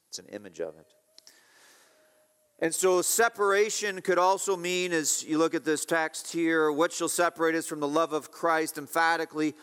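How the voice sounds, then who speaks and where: A man preaching an expository sermon, emphatic, repeating key phrases and swinging between loud and hushed. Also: fairly high pitch, smooth. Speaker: pastor. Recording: reverberant hall.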